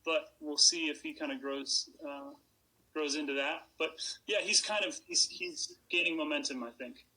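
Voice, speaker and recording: A man on a panel, talking in a relaxed, measured way. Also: on the high side, poor audio. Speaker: actor on a panel. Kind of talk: casual panel talk.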